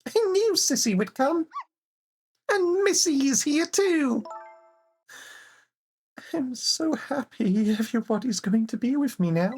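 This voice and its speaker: A woman voicing a sweet, excitable little girl in a high, childlike voice, reading game dialogue aloud. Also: slow pace, long pauses, a little hiss or hum. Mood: excited. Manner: high, breathless childlike delivery.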